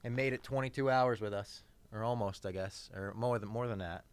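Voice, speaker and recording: A man's voice: lowish voice, fairly quick. A tired man hosting a long live stream, laid-back and reading out chat messages.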